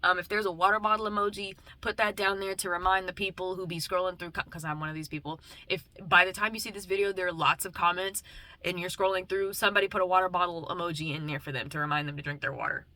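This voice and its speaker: A young woman vlogging in a loose casual chat, shifting between gentle comfort and cussing rants. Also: fairly low pitch, fairly even intonation, fast, no echo. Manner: loose and playful, drifting between tender comfort and profane rants. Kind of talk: casual heartfelt chat to camera.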